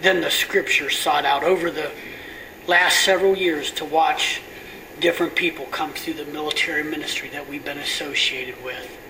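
A middle-aged pastor telling a story in a sermon, often sinking to a hushed near-whisper. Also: male voice, on the high side, normal speed. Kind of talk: sermon testimony. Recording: distant mic with steady air conditioning hum.

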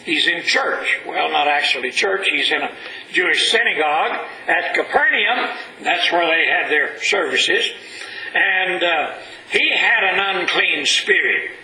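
A man preaching a sermon in a church, slow and emphatic, reading scripture aloud and rising in pitch for emphasis. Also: lively intonation, bright, forceful tone, reverberant, rough recording.

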